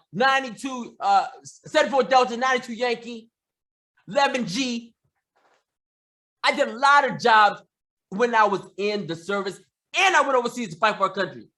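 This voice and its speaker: A man delivering an angry, profane opinion rant, repeating himself and breaking into shouts. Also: very high-pitched. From United States. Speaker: commentator.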